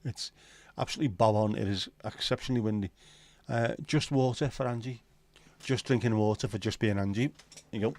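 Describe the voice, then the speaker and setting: A man's voice: fairly low pitch, fairly quick, few pauses, darkish tone, dry recording. Crude, bantering man hosting a livestream. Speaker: livestream host. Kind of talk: casual chat reading viewer comments.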